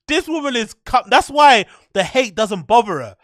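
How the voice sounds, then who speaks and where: Man, podcast host, higher voice, dry close sound, swearing mockery. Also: normal speed, dry recording. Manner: profane, mocking, animated. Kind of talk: rambling casual commentary.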